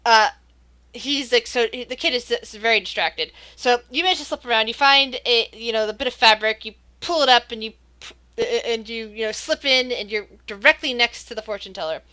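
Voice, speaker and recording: A woman narrating a tabletop game as game master, halting and restarting, laughing often. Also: on the high side, sharp tone.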